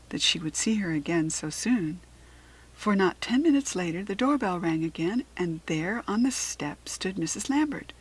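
An American woman reading a children's storybook aloud in a gentle, careful way. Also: on the low side, slightly rough, low-quality recording. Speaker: children's book reader.

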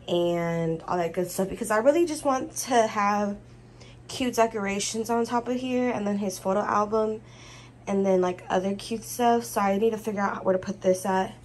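A woman's voice: medium pitch, normal speed, a little mellow, a little hiss or hum, poor audio. Chatty pregnant woman showing a nursery. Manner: chatty, self-correcting, gushing. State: heavily pregnant, a bit out of breath. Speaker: vlogger. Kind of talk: casual room tour. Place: baby's room at home.

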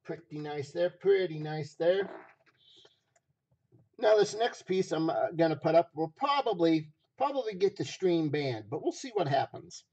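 A hoarse man running a live stream auction, repeating phrases as he hypes each item from a basement room. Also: a little high, expressive, unhurried, darkish tone.

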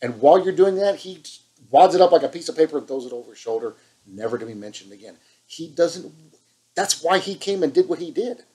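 A man's voice: a little high, expressive, fairly quick, warm tone, low-quality recording. A man preaching an impassioned online sermon, fired up and scolding, hammering points with repetition.

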